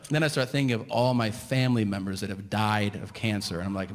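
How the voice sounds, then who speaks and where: A man's voice: mid-range voice, fast talker. A man doing a stand-up set, telling a story and acting out the voices. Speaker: stand-up comedian. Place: theater stage. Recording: echoey live hall with audience noise.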